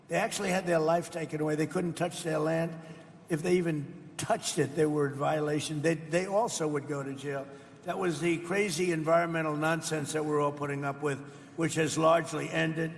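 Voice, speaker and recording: A man's voice: fairly high pitch, fairly even intonation, a little fast, vocal fry, in a large hall. Rambling, boastful older American man. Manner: rambling, boastful, repeats phrases. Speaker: politician speaking at a roundtable. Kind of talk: off-the-cuff speech. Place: indoor event hall.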